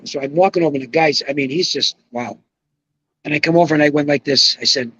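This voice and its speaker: An older man telling an animated story as a podcast guest, excitable, swearing and acting out quotes. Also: a little high, normal speed, breathy edge, no room sound, muffled recording.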